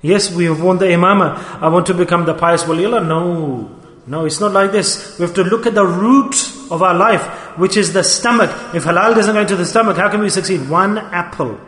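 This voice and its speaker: A man's voice: sits high, a bit bright. A male preacher, telling a moral story in a sermon with urgent, repeated questions. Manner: urgent, questioning, repeats phrases, rapid bursts. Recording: echoey hall reverb.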